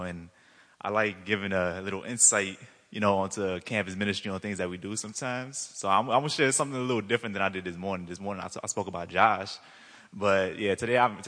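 A young man giving a church testimony, an animated storyteller who acts out his own excitement. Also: deep voice, long reverb tail.

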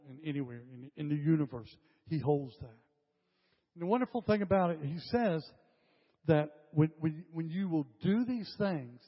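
An older man preaching a sermon to a congregation, emphatic and repeating his phrases as he speaks directly to the room. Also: on the high side. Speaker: pastor. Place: church hall with congregation. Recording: dull lo-fi sound with long hall reverb.

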